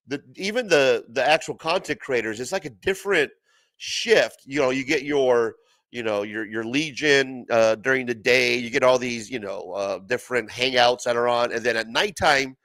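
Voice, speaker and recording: A man's voice: mid-range voice, normal speed, a bit bright, no echo. A middle-aged man hosting a livestream, chatting casually, swearing and laughing often. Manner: laughing often, profane, says bro and brother. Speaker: livestream host. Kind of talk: casual chat.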